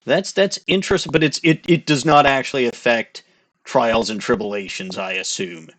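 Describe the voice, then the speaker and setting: A man's voice: medium pitch, normal speed, fairly bright tone. A man hosting a game playthrough, chatting casually with self-deprecating asides. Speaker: let's-play host.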